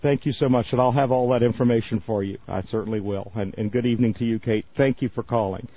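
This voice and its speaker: A man's voice: mid-range voice, fairly even intonation, fast, dry recording. A man hosting a radio call-in show, chatting in a rambling way and laughing often. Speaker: radio talk show host. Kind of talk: casual radio call-in chat. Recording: narrow phone-like radio sound.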